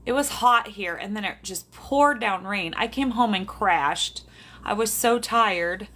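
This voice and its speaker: A woman's voice: medium pitch, unhurried, fairly bright tone. A woman from South Dakota, a medium, chatting casually with viewers on a livestream from her bedroom, laughing often. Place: bedroom at home. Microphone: phone or camera on a tripod.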